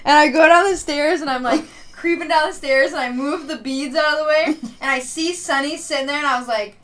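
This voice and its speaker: High-voiced young woman telling a story animatedly. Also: fairly quick. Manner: animated, laughing storyteller with many fillers. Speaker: podcast host. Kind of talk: casual storytelling chat.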